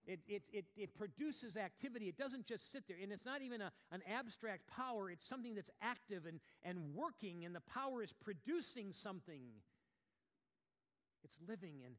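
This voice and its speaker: A male pastor with a voice pitched a little above most men's, delivering a sermon in a conversational way. He stumbles and restarts, drops in casual asides, then builds into forceful, emphatic stretches. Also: normal speed, in a large hall. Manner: animated, rises to emphatic bursts.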